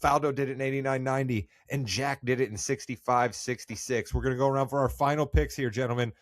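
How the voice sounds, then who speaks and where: A man's voice: mid-range voice, fairly even intonation, fast, no room sound. Upbeat male podcast host, dry sound. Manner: upbeat, loses his train of thought. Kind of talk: casual sports chat.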